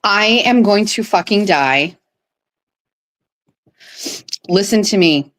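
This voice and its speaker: A woman chatting casually on a live stream from her kitchen table, excitable and swearing, often gasping and laughing. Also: mid-range voice, a little slow.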